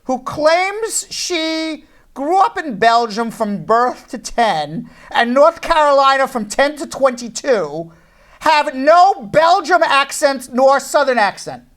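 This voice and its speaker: A woman's voice: high-pitched, very animated, slow. A woman hosting a live immigration law show, joking and repeating her phrases for emphasis, then giving firm legal advice. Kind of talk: live call-in show banter.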